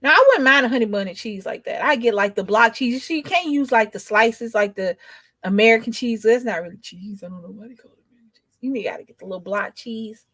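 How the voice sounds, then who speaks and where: Chatty woman with a higher, dry voice. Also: fast, a bit bright, no echo. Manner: chatty, drawling, rambling, emphatic. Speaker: co-host. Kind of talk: casual chat.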